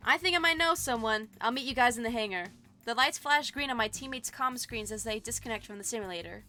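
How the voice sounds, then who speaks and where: A bubbly young woman streams a story game, reading the text aloud and gushing between lines. Her voice is bright and fairly high, with soft game music behind her. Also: fast talker. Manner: bubbly, excitable, gushing asides. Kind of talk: reading a visual novel aloud with commentary.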